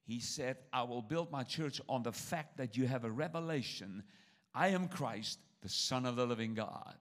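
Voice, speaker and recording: A man with a foreign accent preaching a sermon in a church, switching between loud exhortation and quiet asides. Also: medium pitch. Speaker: traveling preacher. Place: church service.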